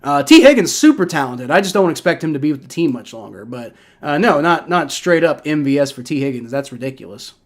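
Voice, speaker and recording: A man's voice: a little high, sing-song, a little fast, hardly any pauses. Heated young man ranting on a livestream. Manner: heated, profane, repeats himself and restarts. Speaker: livestream host reacting to football. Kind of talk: casual live-stream rant.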